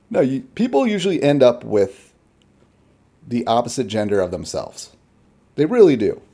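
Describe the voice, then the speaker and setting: A man's voice: medium pitch, very animated, a little slow, long pauses, dark tone. A man giving casual, rambling reaction commentary in a blunt, chuckling way.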